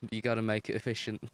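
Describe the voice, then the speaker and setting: A man's voice: fairly low pitch, a little hiss or hum. A man hangs out with a friend who is streaming a game. He trades crude jokes in casual chat and laughs often at their banter.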